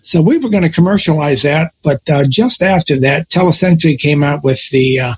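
An older man, appearing as a guest, spins long stories about his working life in casual conversation, frequently pausing to correct himself as he rambles. His voice is a little high and slightly rough, at normal speed, and the audio is poor.

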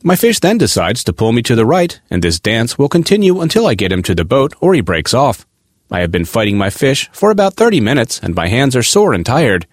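A man reads a magazine article aloud at a brisk clip, his pitch moving up and down a lot in an expressive, lively delivery. The recording is dry and close, with no echo or room around it.

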